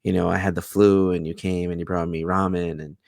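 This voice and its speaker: A man with a very low, gravelly voice co-hosting a TV recap, calmly walking through the plot with plenty of fillers. The recording is dry and close. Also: fairly quick, no room sound. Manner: steady plot retelling with fillers. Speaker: podcast co-host. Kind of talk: casual TV recap chat.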